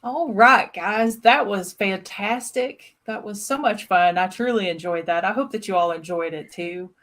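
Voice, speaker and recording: A woman's voice: mid-range voice, normal speed, fairly bright tone. A woman hosting a paranormal livestream, talking in a friendly, enthusiastic, casual way. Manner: friendly, enthusiastic, laughs easily. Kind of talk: casual interview and livestream chat.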